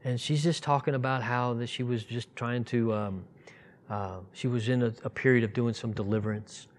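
A man's voice: medium pitch, fairly even intonation, normal speed. A man in his fifties giving an informal sermon, conversational and digressive, now and then rising to emphatic outbursts. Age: 50s. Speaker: preacher.

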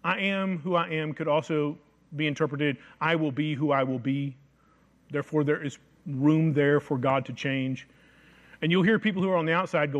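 A man preaching a sermon, reading scripture aloud and slowing down to stress key phrases. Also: fairly high pitch.

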